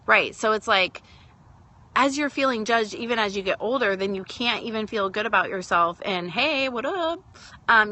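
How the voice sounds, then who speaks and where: A woman's voice: medium pitch, bright, forceful tone. A woman hosting a casual live stream from home, talking through her thoughts with lots of fillers and greeting viewers as they join.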